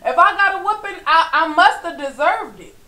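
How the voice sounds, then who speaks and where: Woman vlogger, high voice, venting monologue in an echoey room. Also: lively intonation, normal speed. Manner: frustrated, preachy, asks "you know what I'm saying?"; swings from low weary murmurs to loud emphatic outbursts. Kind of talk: impassioned personal vlog monologue.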